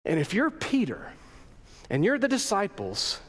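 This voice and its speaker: A man preaching a sermon as a pastor, telling the story in a lively way and acting out the voices. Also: high-pitched, unhurried, long pauses, in a large hall.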